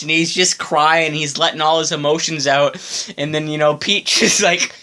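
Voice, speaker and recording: A man's voice: on the high side, steady tone, moderate pace, few pauses, bright, forceful tone. A man giving casual reaction commentary on a video, stammering, giggling and apologizing as he talks.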